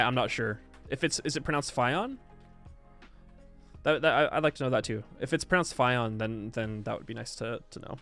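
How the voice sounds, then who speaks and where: A male streamer talks through a game update in loose, casual chat, stalling and restarting his sentences and digging in when he insists on a point. His voice sits at an ordinary middle pitch. Quiet music plays faintly under him. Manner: rambling, stop-start, reacts to chat, insistent. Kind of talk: casual livestream patch review.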